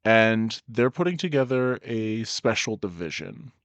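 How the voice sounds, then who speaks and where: A man voicing an earnest male orc police officer who speaks in a steady, businesslike way. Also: lowish voice, unhurried, no echo, dull audio. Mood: confiding.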